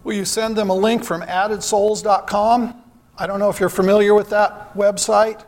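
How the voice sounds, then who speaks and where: Earnest high-voiced man preaching. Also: level tone, moderate pace, a little mellow, big-room sound. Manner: earnest, rhetorical questions. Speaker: church speaker. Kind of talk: sermon.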